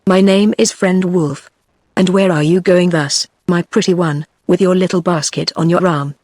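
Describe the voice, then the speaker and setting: A woman's voice: lowish voice, steady tone, normal speed, a little mellow, dry recording, natural voice. Sly male wolf from a storybook, voiced by a British text-to-speech woman, plain mechanical read, dry close sound. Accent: British English. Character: sly scheming male wolf in a fairy tale.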